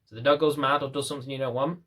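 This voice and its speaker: Male dog trainer, young, mid-pitched, talks bluntly to camera and rambles, mocking himself as he goes. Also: steady tone, racing, a bit bright. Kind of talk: casual talk to camera.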